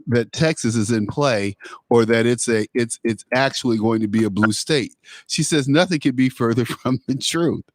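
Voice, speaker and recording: A man's voice: medium pitch, no room sound. A man hosting a call-in talk radio show, blunt and mocking, often stumbling and repeating words.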